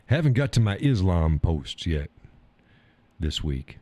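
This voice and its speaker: A man's voice: deep voice, sing-song, takes it slowly, mellow, dry recording. A man hosting a casual live stream, joking in a folksy way, reading viewers' comments aloud and laughing often.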